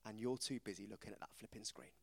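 A man voicing God in a quiet, lowered, gently reproachful tone during a sermon. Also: fast, gravelly, husky. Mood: gently rebuking. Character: God, calm male divine voice, gently rebuking. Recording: reverberant hall.

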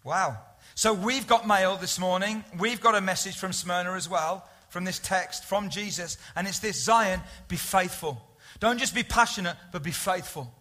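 Male preacher, high and bright, earnest conversational sermon with soft intimate moments. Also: moderate pace. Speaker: pastor.

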